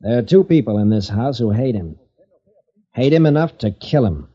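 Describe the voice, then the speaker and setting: An actor playing a worried, earnest cousin in a 1940s radio drama, speaking urgently. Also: male voice, mid-range voice, animated, moderate pace, warm tone, soft background music, close to an everyday voice. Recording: hissy, dull old radio recording.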